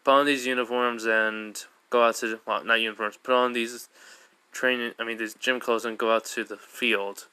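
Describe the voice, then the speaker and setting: Brief: man reading as a blunt male teacher, slow and loud, bright forceful tone. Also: medium pitch, little pitch movement, smooth, no echo, lightly acted. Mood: stern. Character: stern tired male homeroom teacher.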